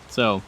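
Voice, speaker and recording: Halting tabletop game master, noisy recording. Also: male voice. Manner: relaxed, halting narration with restarts.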